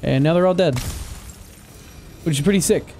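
A man's voice: on the high side, normal speed, noisy background. A young man giving casual let's-play commentary, trash-talking enemies with lots of swearing and joking asides. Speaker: gaming channel host. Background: game music and combat sounds.

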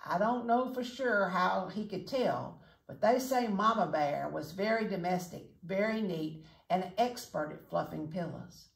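A woman's voice: lowish voice, lively intonation, a little slow, gravelly, hardly any pauses. A woman reading a children's picture book aloud as a chatty storyteller, pointing out the pictures as she goes. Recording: echoey room, faint noise.

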